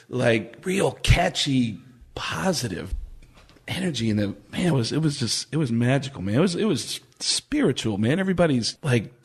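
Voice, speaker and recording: Comedian guy on a podcast, animated storyteller, mid-pitched, does people's voices. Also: husky. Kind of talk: storytelling in casual conversation.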